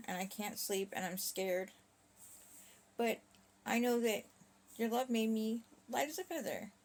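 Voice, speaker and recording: A woman's voice: mid-range voice, pitched above the performer's own voice. A woman voicing an earnest little boy, scared of nightmares, in a rhyming story. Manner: pleading, earnest.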